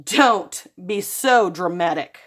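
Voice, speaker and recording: A woman's voice: on the low side, lively intonation, slow. A woman voicing an exasperated mother who argues with her son over his toys, speaking sternly. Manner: stern and exasperated, with loud scolding.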